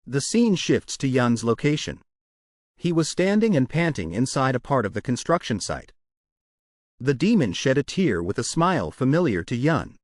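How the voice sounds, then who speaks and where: A man tells a comic's story in a steady read-aloud style. His pitch moves a lot, rising and falling across each sentence. The sound is close and dry, with no room around it. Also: no echo. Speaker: manhwa recap narrator. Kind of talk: scripted story narration.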